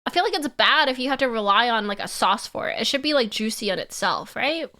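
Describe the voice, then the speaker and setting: A woman's voice: a little high, lively intonation, fast, sharp tone. A woman from Canada, giving playful live-stream reaction commentary and teasing her chat.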